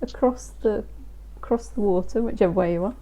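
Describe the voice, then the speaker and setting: A woman's voice: medium pitch, a little fast, lo-fi sound. A woman instructor hosting a casual video call interview, bubbly and laughing often.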